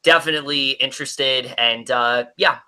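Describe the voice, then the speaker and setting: A young man hosts a casual movie-preview chat with a bright, forceful tone. He rambles loosely through his opinions, joking and laughing along the way. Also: medium pitch, fairly even intonation, normal speed, clean tone. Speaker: podcast host.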